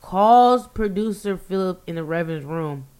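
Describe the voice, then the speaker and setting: A woman in casual conversation, telling a wild story in an animated, profane way. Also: on the low side, normal speed, clear, resonant tone. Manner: animated, profane, acts out quotes loudly.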